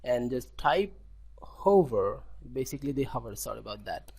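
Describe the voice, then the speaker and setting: A man's voice: mid-range voice, expressive, gravelly, slightly rough. A man with an Indian accent walking through a coding tutorial, often restarting and correcting himself and checking in with "okay?". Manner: halting, self-correcting, repeats words, frequent "okay?". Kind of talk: screen-recorded coding tutorial.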